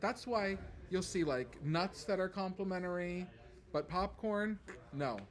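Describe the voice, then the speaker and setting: A male comedian chatting on a podcast in a ship lounge, telling stories in an animated way and acting out voices. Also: sits high, measured pace, slight background noise. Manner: animated storyteller, acts out voices. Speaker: comedian guest. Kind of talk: casual podcast chat. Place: ship lounge before a show.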